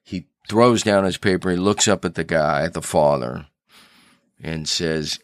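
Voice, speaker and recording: Deep voiced guy telling stories real slow on his podcast, earnest, dry sound. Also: no echo. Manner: earnest storyteller, thinking aloud with restarts. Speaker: podcast host and author. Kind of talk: reflective solo podcast talk.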